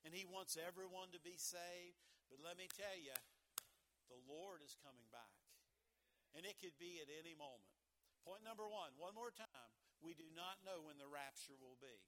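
Man, middle-aged pastor, sermon, high voice, emphatic and folksy, long hall echo. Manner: emphatic, rising to loud exhortations then dropping to near-whispers; folksy, repeats his numbered points. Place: church sanctuary.

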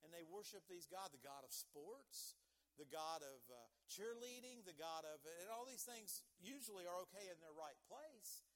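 A man's voice: sits high, lively intonation, normal speed, fairly bright tone. A man preaching a sermon in a folksy, emphatic way, repeating key phrases and chuckling between points.

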